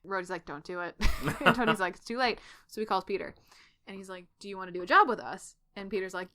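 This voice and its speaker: A woman co-hosting a podcast, casually recapping a story with lively quoted dialogue and frequent laughter. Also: mid-range voice. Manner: animated retelling with quick voiced quotes and laughs. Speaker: podcast co-host. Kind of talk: casual fanfic recap chat.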